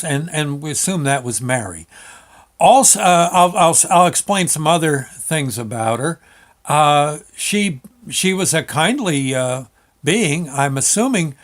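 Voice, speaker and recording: Older guy telling an old ghost story, kinda high voice, lots of ums and restarts. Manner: halting, full of restarts and fillers, amused. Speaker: storyteller recalling a memory. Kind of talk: casual spoken recollection.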